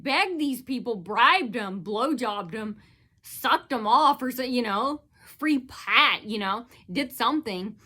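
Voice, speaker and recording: A woman's voice: fairly high pitch, animated, measured pace, sharp tone. Rambling aggrieved woman vlogger. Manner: aggrieved, repetitive retelling with many fillers. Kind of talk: rambling personal account.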